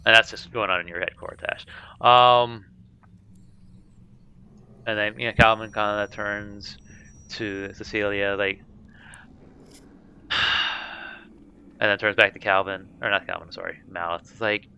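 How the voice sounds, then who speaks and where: A man's voice: fairly low pitch, steady tone, a little slow, pauses often, pushed and bright, a little hiss or hum. A man narrating a tabletop game as game master, in a loose, casual way with many fillers.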